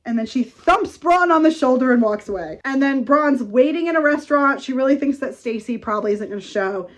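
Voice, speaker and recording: A woman's voice: sits high, moderate pace, few pauses. Sarcastic, laughing woman book reviewer. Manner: sarcastic, laughing, swears, reads lines aloud in a flat mocking way. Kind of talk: casual rant review. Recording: dull lo-fi sound.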